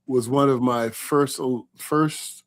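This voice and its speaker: Male host, chatty, mid-pitched, reads viewer comments aloud on a live interview. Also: fairly even intonation, takes it slowly. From California.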